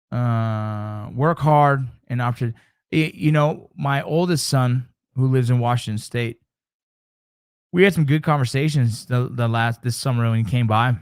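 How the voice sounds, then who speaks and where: A man's voice: mid-range voice, no echo. Emphatic man talking in a dry room. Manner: emphatic, repetitive, swears casually. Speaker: show host. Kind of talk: casual livestream chat.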